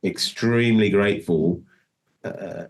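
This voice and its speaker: A man's voice: low-pitched, slow pace, gravelly. A middle-aged man telling a long story in a casual interview, rambling and restarting often. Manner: rambling, full of restarts and "do you know what I mean". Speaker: guest musician.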